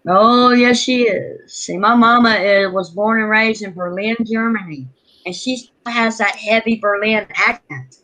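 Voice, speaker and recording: A chatty woman with a Southern Louisiana drawl talks casually and trips over her own restarts. Her voice sounds bright and clear, pitched in an ordinary middle range. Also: a little slow, rough recording. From Louisiana, USA. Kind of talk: casual chat.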